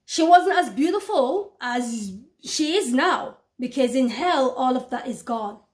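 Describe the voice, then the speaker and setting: A woman's voice: sits high, animated, a little slow. A woman giving a spoken religious testimony in an earnest, repetitive way, calling her listeners brothers and sisters.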